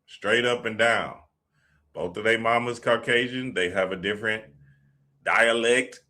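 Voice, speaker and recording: A man's voice: lowish voice, unhurried, sharp tone. Profane, slangy man telling stories. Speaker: podcast host. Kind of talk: casual monologue commentary.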